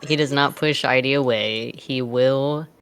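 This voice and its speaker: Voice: mid-range voice, steady tone, measured pace, a bit bright, clean tone. A player thoughtfully describing how his character reacts in a tabletop game.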